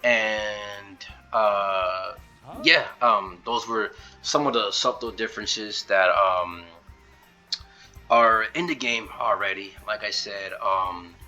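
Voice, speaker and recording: A man's voice: on the low side, steady tone, takes it slowly, sharp tone, faint music behind. A man casually recapping a story in a loose, rambling way full of fillers, as a video reviewer.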